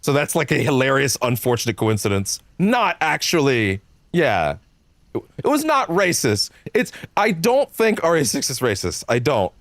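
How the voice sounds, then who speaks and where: A man's voice: medium pitch, sing-song, moderate pace, a bit bright, no echo. A man streaming a game live, rambling in casual commentary, full of fillers, swearing and frequent laughter.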